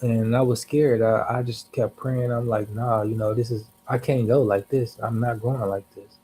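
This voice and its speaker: A man's voice: medium pitch, steady tone, normal speed, dark tone, a little hiss or hum, low-quality recording. Young male streamer, casual storyteller, heavy slang and cursing, rambling asides. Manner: loose, slangy, profane, restarts and asides. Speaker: livestream host.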